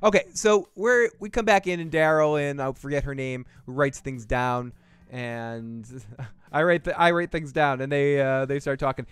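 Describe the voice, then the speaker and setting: A man's voice: mid-range voice, moderate pace, clean tone, no room sound. A man with a Boston accent hosting a casual TV recap show, rambling, joking and swearing freely. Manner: profane, rambling, jokey riffing. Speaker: podcast host recapping a TV episode. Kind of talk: casual review chat.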